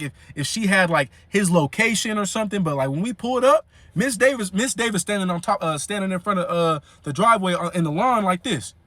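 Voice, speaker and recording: Animated young man telling a story. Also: sits high, no room sound. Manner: animated, slangy, frequent fillers. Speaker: vlogger. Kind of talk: casual storytelling.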